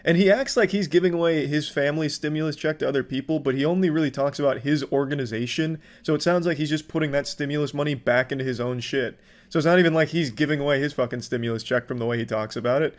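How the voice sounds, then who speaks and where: A man commenting on a video in a sarcastic, mock-sincere way, his voice sitting a little high for a man. He swears freely and piles on the irony. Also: quick pace, few pauses.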